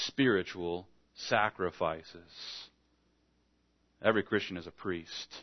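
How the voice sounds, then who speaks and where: A man's voice: fairly low pitch, muffled recording. A man preaching an evening sermon, speaking conversationally and acting out little back-and-forth dialogues to make his points. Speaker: pastor.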